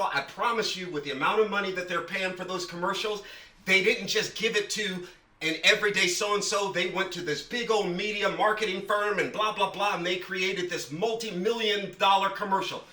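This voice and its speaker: A man's voice: sits high, bright, forceful tone, far from the mic. A man teaching a casual writing class, emphatic and fond of repeating words for stress. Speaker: writing instructor. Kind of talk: casual online class talk. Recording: echoey room, voice a bit off-mic.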